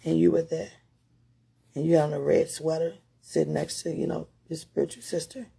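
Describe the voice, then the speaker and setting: A woman's voice: low voice, flat delivery, fairly quick, vocal fry, warm tone, slightly rough. A woman giving an emotional personal testimony, talking straight to her partner in a heartfelt, rambling way with prayerful asides.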